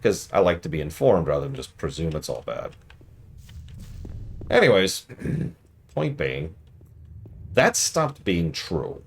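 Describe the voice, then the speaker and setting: A man's voice: deep voice, big pitch swings, slow pace, vocal fry, long pauses, breathy edge. A man streaming a game, chatting casually and ranting wryly about things that annoy him. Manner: wry, ranting, mocks the ads he criticizes. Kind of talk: casual commentary while playing.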